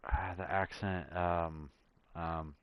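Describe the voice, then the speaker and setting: Low-voiced guy rambling about a game, slow, lots of ums, dull dry mic. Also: fairly even intonation, smooth, no room sound. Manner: slow and halting, many fillers and pauses. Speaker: gameplay streamer. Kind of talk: casual commentary.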